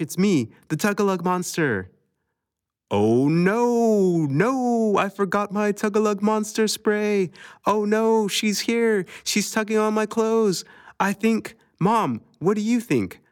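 Man voicing a silly, singsong cousin, high and bouncy. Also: lively intonation, normal speed, few pauses, dry recording, clean studio sound. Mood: playful. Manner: singsong, goofy. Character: playful young man teasing a small child.

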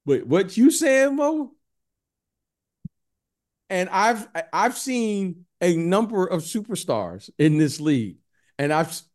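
A man in casual sports chat, telling stories with a lively voice and acting out friendly greetings. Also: high-pitched. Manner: animated storyteller, repeats the host's name, acts out friendly greetings.

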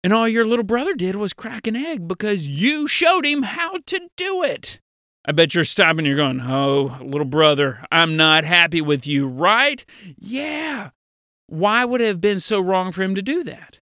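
A young man giving a lively, playful Bible lesson to children, talking straight to his audience. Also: high voice, no room sound, studio quality.

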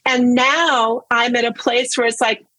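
An earnest woman speaks openly about her own life in a relaxed conversational way, often repeating words to stress them. Her voice sits a little high and has a husky edge. The sound is dry and close, with no room echo. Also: measured pace. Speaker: guest sharing her story. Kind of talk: casual personal testimony.

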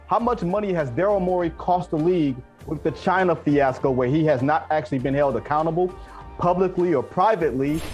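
A man's voice: a little high, darkish tone. Emphatic male sports analyst. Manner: emphatic, building points. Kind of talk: sports debate show.

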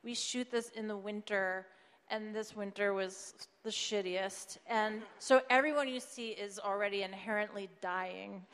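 A woman's voice: medium pitch, steady tone, unhurried, fairly bright tone, long reverb tail. A woman on a live comedy panel, rambling with lots of fillers in an upbeat way. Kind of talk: panel Q&A, casual talk.

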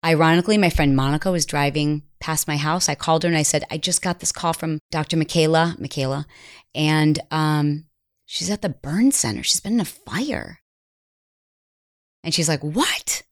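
A woman's voice: low-pitched, normal speed. A middle-aged woman hosting a podcast, telling a personal story in an earnest, confiding way that sometimes drops to a near whisper. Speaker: podcast host.

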